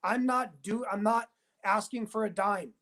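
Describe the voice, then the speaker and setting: A man speaking in a heated interview as a whistleblowing TV producer, emphatic and insistent, talking in rapid bursts and repeating himself. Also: high-pitched, fairly bright tone. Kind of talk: heated interview, phone-style conversation.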